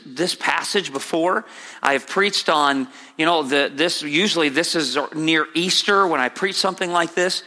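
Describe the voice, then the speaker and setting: A man's voice: fairly high pitch, pushed and bright. A man preaching a sermon as pastor, conversational and repetitive with many restarts. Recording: hall reverb.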